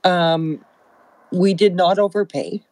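An older woman calls in to a talk show and speaks slowly and emphatically. She sounds upset as she makes her point. The sound is dry and close. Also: on the low side, a little mellow, no echo, poor audio. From Alberta, Canada. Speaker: caller. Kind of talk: emotional call-in comment.

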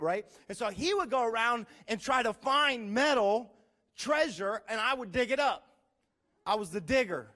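A male pastor preaching a sermon as an animated storyteller, imitating beeping sounds and swinging between loud emphasis and hushed asides. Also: high-pitched, moderate pace.

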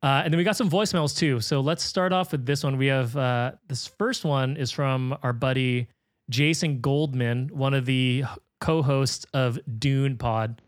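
A man's voice: mid-range voice, a little slow, no room sound, studio quality. A man hosting a film podcast, chatting casually and reading out listener emails, upbeat and laughing often. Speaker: podcast host.

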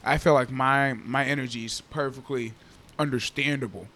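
A man in his twenties co-hosting a podcast, telling stories in a casual, animated way and often calling others "bro.". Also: medium pitch, moderate pace. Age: 20s. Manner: animated storytelling, laughing, says "bro" often. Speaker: podcast co-host.

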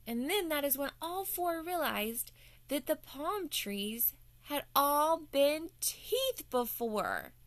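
A woman's voice: high voice, sing-song, slow pace, a bit bright, dry recording. A woman telling a playful bedtime story to children as the show's host.

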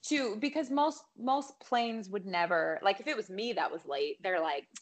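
A woman's voice: mid-range voice, expressive, moderate pace. A woman, a singer guest on a podcast, telling a long story in casual chat with many fillers. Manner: chatty, lots of fillers and likes.

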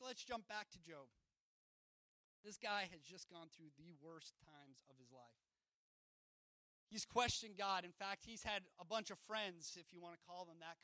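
A man preaching a sermon in a casual, conversational way, retelling scripture in slangy everyday speech and swinging between loud emphatic peaks and hushed asides. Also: high voice, no room sound. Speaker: pastor.

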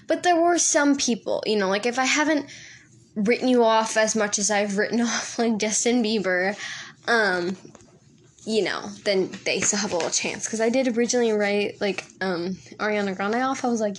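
A woman's voice: medium pitch, normal speed. A teenage girl chatting alone on a casual podcast from home, rambling with lots of ums and likes and laughing often. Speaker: podcast co-host. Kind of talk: solo casual podcast chat. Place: home room. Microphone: home recording app.

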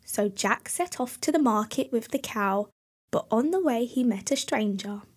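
A woman narrating a fairy tale in a slow, clear, expressive storybook style. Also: a little high.

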